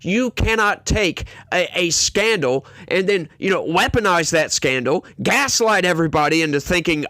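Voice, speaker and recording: Exasperated male host ranting on camera, slightly high voice, dry close recording. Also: animated, normal speed, sharp tone, no echo. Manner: exasperated, emphatic, repeats himself. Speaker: commentary show host. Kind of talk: ranting political commentary.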